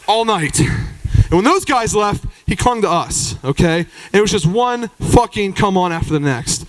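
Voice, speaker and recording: A male stand-up comedian telling a profane, animated story live on stage into a handheld mic. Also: sits high, moderate pace, no echo, low-quality recording. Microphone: handheld stage microphone.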